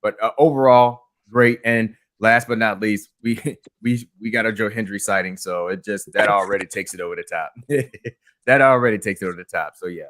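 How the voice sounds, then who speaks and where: A man with a fairly low voice chats casually on a podcast, rambling and circling back through lots of fillers and restarts. He is recorded close and dry, with no room sound at all. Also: steady tone, normal speed, fairly bright tone, dry recording. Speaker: podcast co-host. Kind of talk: casual wrestling chat.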